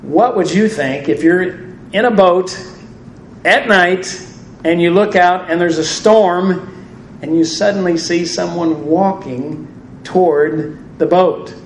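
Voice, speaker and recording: A man's voice: high voice, slow, slight background noise. A man preaching a sermon, conversational with dry humor. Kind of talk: sermon on scripture. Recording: roomy echo, distant mic, faint ambience.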